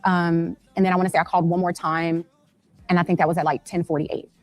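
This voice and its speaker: A mother telling her story in an interview, retelling events rapidly and anxiously and acting out phone calls. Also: lowish voice, flat delivery, no echo.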